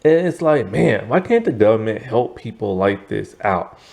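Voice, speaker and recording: A man's voice: fairly low pitch, lively intonation, normal speed, vocal fry, darkish tone. Worn-out, rambling man. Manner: rambling, chatty, full of asides and fillers. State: tired and yawning. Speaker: TV show reviewer. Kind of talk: casual spoken review.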